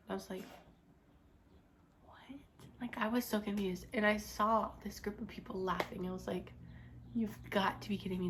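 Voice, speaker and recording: A woman's voice: mid-range voice, slight background noise. A young woman telling a rambling, frustrated story from her school days in a casual chat style, full of "like" and restarts. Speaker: vlogger.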